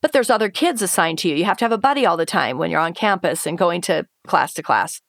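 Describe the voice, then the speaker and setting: In a dry, clean studio recording, a woman with a low-leaning voice talks fast and animatedly about something painful she lived through. Appearing as an interview guest, she retells it earnestly and emotionally, acting out both her own past thoughts and the voices of others.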